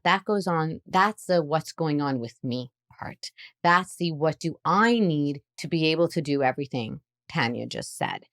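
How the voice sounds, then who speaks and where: A woman, a psychologist guest on a podcast interview, explaining parenting in an animated way. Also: low voice, no room sound, clean studio sound. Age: adult parent. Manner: animated explainer who acts out playful lines.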